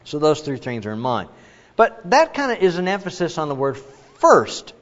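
A man's voice: fairly high pitch, very animated, brisk. A man preaching a sermon in an emphatic way, with many asides and restarts. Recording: muffled, with long reverb in a large hall.

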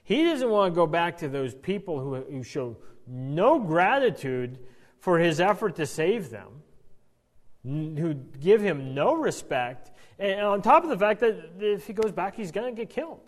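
Wry, animated male Bible teacher. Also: sits high, measured pace. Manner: animated, stammering restarts, wry asides. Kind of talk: conversational Bible lesson. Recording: reverberant hall.

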